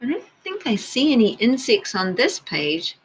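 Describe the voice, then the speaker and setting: A woman teacher reading a picture book aloud to children, gently pointing out details in the pictures as she goes. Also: a little high, very animated, moderate pace, a little hiss or hum, poor audio.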